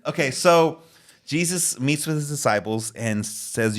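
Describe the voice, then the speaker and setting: A middle-aged man hosting a podcast speaks earnestly and emotionally in casual chat, retelling scenes with quoted lines. His medium-pitched voice is expressive and unhurried.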